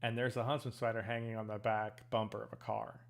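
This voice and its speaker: A man's voice: on the low side, level tone, a little fast, creaky. A man co-hosting a show, chatting casually and telling joking stories. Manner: joking, easygoing storyteller. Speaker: co-host. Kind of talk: casual chat.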